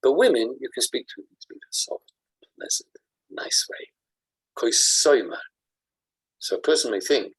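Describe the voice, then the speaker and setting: A rabbi teaches a Torah lesson in a slightly husky voice. His intonation swings widely and playfully, and he breaks into mini performances to make his points. He talks to his class in an animated, joking way. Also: a little high, measured pace, poor audio. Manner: animated, jokey, acts out examples.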